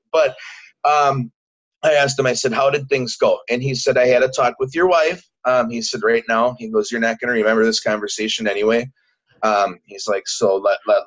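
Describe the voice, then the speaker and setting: A man telling a personal story as a guest in a casual interview, halting and repeating words, acting out what people said. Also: mid-range voice, fairly bright tone. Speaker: podcast guest. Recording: dull lo-fi recording.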